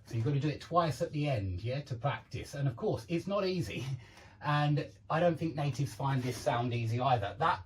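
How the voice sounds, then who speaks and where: A man teaching English pronunciation in an online lesson, a native speaker who drills words slowly and repeats them for practice. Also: mid-range voice, lively intonation, slight background noise.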